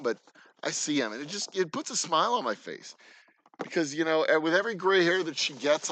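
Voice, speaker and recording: A man's voice: medium pitch, sharp tone. A man in his forties, a distillery owner, telling personal stories in a rambling, profane, joking way. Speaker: distillery owner and channel host. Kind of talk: casual storytelling. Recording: noisy background with clicks.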